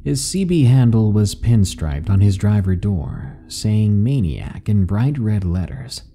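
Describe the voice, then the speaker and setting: A man narrating a horror story in a calm, measured, ominous delivery. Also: lowish voice. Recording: faint background music.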